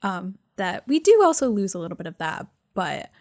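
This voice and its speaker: A woman's voice: mid-range voice, big pitch swings, moderate pace, darkish tone. A woman co-hosting a podcast in casual chat, working through her thoughts with many fillers and self-corrections. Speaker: podcast co-host.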